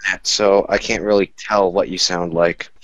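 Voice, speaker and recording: Low-voiced man rambling casually. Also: level tone, normal speed, a bit bright, dry recording, dull audio. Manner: rambling, many fillers. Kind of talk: casual chat.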